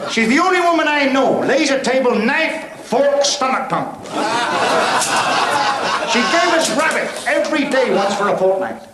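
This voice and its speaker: A man's voice: very high-pitched, animated, normal speed, a loud crowd. An actor playing a cocky, crude male stand-up comic with a Belfast accent, delivering bawdy patter to a club audience in a television drama. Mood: cheeky. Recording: echoey room with loud background noise.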